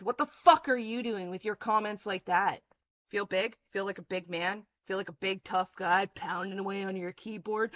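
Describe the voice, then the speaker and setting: A woman's voice: mid-range voice, fairly bright tone, muffled recording. A woman in her thirties on a livestream, ranting in a blunt, profane, confrontational way. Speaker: streamer.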